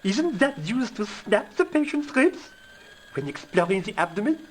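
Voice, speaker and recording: Timid young trainee doctor. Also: male voice, high-pitched, very animated, normal speed, slight background noise. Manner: polite, hesitant, keeps saying sir. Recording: game audio with faint music.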